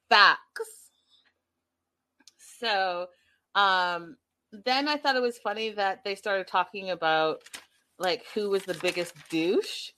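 Animated woman recapping gossip. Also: medium pitch. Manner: animated, quotes people in lively voices. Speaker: reality TV recap host. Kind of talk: casual chat recap.

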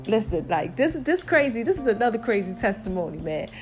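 A woman's voice, pitched a little high, carries a New Jersey accent blended with a Southern lilt. She rambles in animated slang, telling her viewers about her faith. Light music plays faintly behind her. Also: fairly quick. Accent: New Jersey mixed with Southern US. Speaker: vlogger. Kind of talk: casual faith testimony vlog.

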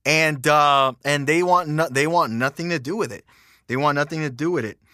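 A male podcast host rants in a casual monologue, emphatic, profane and repetitive. His voice is bright and fairly high, recorded close and dry. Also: moderate pace, no echo.

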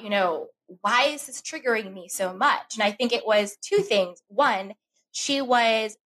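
A woman in casual podcast conversation, telling personal stories and acting out her inner voice. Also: a little high. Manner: animated storytelling with acted-out inner voices.

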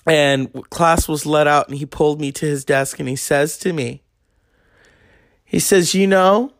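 A man's voice: a little high, steady tone, measured pace, vocal fry, no echo, studio quality. A man in his thirties telling a rambling, crude story in a casual monologue. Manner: crude, rambling, acts out quoted voices. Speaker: podcast host.

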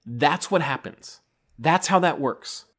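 A man co-hosting a podcast, talking basketball in a loose, animated way, cursing casually and laughing often. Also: fairly high pitch, slow. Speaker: podcast co-host. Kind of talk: casual sports chat with banter.

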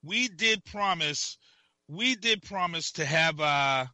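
Bright-voiced ranting man. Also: fairly high pitch, expressive, dry recording. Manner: ranting, profane, quick to laugh. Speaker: podcast co-host. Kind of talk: casual radio chat.

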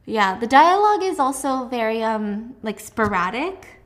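A young woman hosting a casual book recap, chatty and animated, with lots of "like". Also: fairly high pitch, measured pace. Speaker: host.

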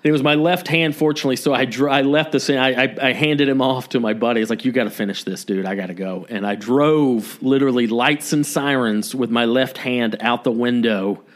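A man's voice: medium pitch, normal speed, hardly any pauses. Rambling, easygoing male podcast co-host. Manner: rambling storyteller, many fillers. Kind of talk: casual chat.

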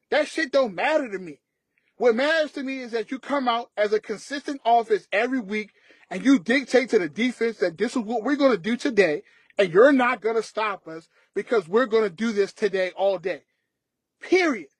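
A man's voice: very high voice, expressive, fairly quick, dry recording. A man co-hosting a sports podcast, ranting emphatically in casual talk. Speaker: podcast co-host.

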